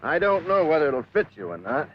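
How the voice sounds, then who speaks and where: An actor playing a scheming, fawning middle-aged bank president in a 1960s TV sitcom, fussy and unctuous. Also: male voice, on the high side, sing-song, fairly quick. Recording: dull old TV audio with hiss.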